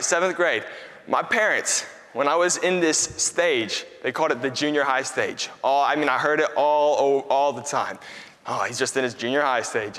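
Young male preacher, fairly high voice, storytelling sermon, long hall reverb. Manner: lively storytelling with repeated phrases. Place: church hall.

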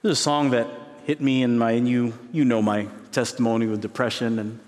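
A man's voice: fairly even intonation, a little mellow. Emphatic male preacher in a reverberant hall. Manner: emphatic, climbing high on key words, musing pauses. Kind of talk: expository sermon. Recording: long reverb of a large hall.

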